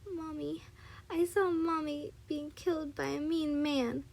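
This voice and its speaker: A woman's voice: high-pitched, measured pace, voice pushed up. A woman voicing a frightened, clingy little girl in a read-aloud fan story. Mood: crying.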